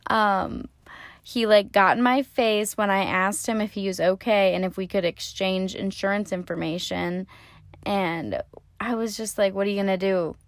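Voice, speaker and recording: A woman's voice: mid-range voice, steady tone, measured pace, no room sound, clean studio sound. Chatty, sarcastic young woman. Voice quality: chatty, sarcastic, swears freely. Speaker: vlogger. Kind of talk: casual storytime.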